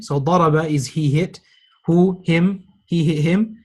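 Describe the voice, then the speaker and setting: A man's voice: fairly high pitch, moderate pace, slightly rough. A man teaching an Arabic grammar class, patiently repeating key phrases and praising his students. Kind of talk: classroom lesson.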